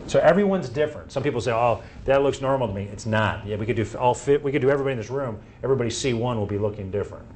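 In an anecdotal live medical talk, a man runs through cases and performs the quoted conversations he had with patients and doctors. His medium-pitched, darkish voice races along with few pauses over slight background noise.

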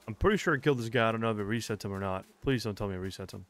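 A young man casually commentating a game as he plays, excitable and swearing, with shouted reactions. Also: lowish voice, rapid-fire, no room sound. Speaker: gaming streamer. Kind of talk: let's play commentary. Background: game music.

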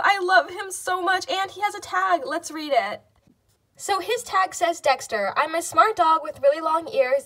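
Woman vlogger, very high voice, gushing, gasps often, excited unboxing chat. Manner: gushing, gasping, repeats "oh my gosh". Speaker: vlogger unboxing fan mail.

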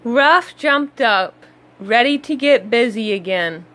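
A woman reading a children's picture book aloud, slow, gentle and expressive. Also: on the high side. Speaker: storybook reader. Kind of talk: children's read-aloud narration.

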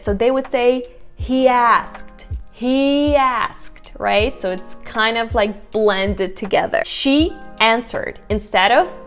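A woman's voice: fairly high pitch, fairly bright tone. Woman coaching pronunciation. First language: Russian. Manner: demonstrative, repeats example words slowly. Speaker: accent coach. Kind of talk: pronunciation lesson.

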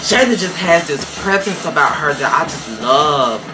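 A man's voice: a little high, expressive, normal speed. A man gives sassy, emphatic reaction commentary while reviewing a dance team's performance. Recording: voice over loud band music.

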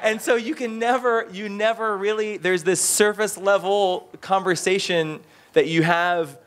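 A man answers interview questions in a loose, anecdotal way, stumbling over restarts and scattering fillers everywhere. His voice sits fairly high for a man. He keeps the telling lively and breaks into playful voices whenever he quotes people. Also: measured pace. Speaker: interviewee, expat in the bar trade.

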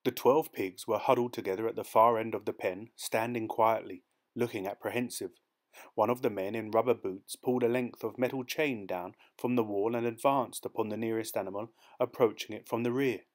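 A man reading a dark short story aloud as an audiobook narrator, in a measured, steady storytelling manner. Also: lowish voice. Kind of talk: scripted narration.

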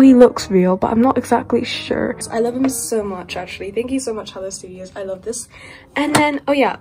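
A young woman from the UK talks through an unboxing in a fast, gushing ramble, her voice sitting a little high. Soft music plays behind her. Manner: gushing, rambling, squeals and laughs. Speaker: toy collector vlogger. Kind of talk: excited unboxing chat.

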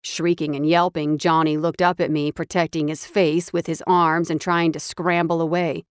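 A woman's voice: low voice, steady tone, normal speed, few pauses, no room sound, clean studio sound. A woman narrating a first-person romance audiobook in an intense, dramatic read.

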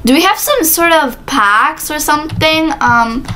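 A woman hosting a gameplay video, talking excitedly through the game and breaking into screams and laughter. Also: sits high, measured pace. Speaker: gaming video host. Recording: steady background noise with keyboard clicks.

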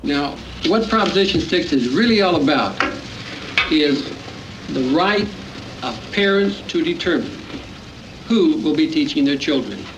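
A man's voice: a little high, lively intonation, measured pace, pauses often, recorded from a distance, background noise. An actor playing a male political campaigner speaking emphatically on television. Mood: emphatic. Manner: emphatic speech delivery. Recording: dull TV audio from across the room.

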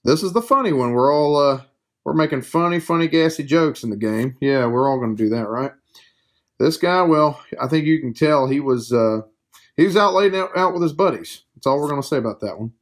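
A man's voice: a little high, fairly quick. Jokey man explaining a board game. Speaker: board game reviewer and host. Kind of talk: casual board game review.

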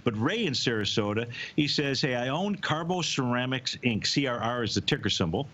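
Man, show host, mid-pitched voice, explains charts step by step, slightly muffled recording. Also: expressive, a little fast, fairly bright tone. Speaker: market analyst host answering viewer questions. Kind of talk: live market analysis show.

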